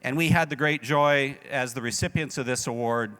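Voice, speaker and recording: A man's voice: mid-range voice, moderate pace, a bit bright. A man acting as emcee at a conference, directing a large live audience and rallying a noisy crowd. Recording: long hall reverb.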